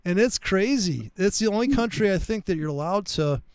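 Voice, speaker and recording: A man hosting a live trading stream, telling animated stories in casual chat and swearing freely. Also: high voice, normal speed, clear, resonant tone, no room sound.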